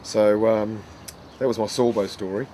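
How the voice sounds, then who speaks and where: A man's voice: lowish voice, normal speed, rough recording. A middle-aged man with a New Zealand accent, telling rambling, self-mocking stories about his past. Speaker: storyteller of his own acting past. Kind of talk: casual anecdotal storytelling. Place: outdoors in the rain. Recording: steady rain noise behind.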